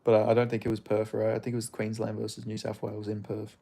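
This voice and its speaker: Gravelly Australian man bantering with chat. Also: fairly low pitch, completely flat delivery, quick pace, mellow. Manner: blunt, profane, laid-back banter. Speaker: streamer reading chat. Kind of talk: casual livestream chat.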